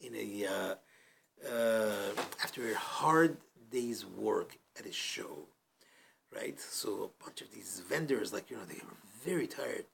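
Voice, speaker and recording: A man teaching a Torah class as a rabbi in a community study hall, chatty and animated as he tells a story. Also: on the low side, slow pace, vocal fry, slight background noise. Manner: animated, conversational, chatty asides.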